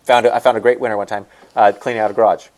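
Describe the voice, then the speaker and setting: A man runs a screen-share lesson for people selling online, moving along at a quick clip in a fairly low voice. He rambles, stumbles over his own words and repeats himself while he talks straight to his viewers. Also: level tone, a little mellow. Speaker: online store coach.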